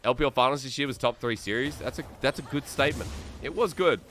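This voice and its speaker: An Australian man solo-casting an esports match, excitable and chatty, thinking aloud and reading viewer comments between plays. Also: medium pitch, fast, faint music behind. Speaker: esports caster. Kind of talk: solo play-by-play commentary and chat. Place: New South Wales.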